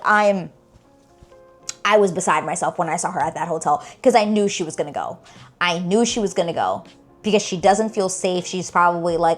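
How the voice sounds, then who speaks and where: A young woman talking casually to camera as a TV reaction vlogger, animated and exasperated, filling her speech with "like" and "girl". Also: medium pitch, normal speed, faint music behind.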